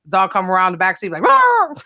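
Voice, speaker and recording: A middle-aged woman with a loud, brash voice, chatting casually on a livestream, laughing and cussing freely. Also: on the low side, level tone, very fast, no echo, muffled recording. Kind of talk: casual chat.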